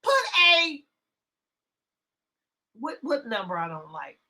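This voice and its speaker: Woman, livestream host, brash and profane, high bright voice, slow delivery. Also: sing-song. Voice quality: brash, profane, swings from loud to hushed asides. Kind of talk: casual livestream rant.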